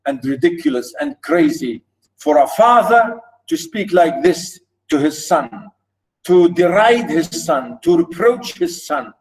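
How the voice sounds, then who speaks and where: A man's voice: a little high, big pitch swings, a little slow, rough recording. A man teaching a literature lesson, explaining a passage by restating points again and again with emphasis. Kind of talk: recorded literature lecture.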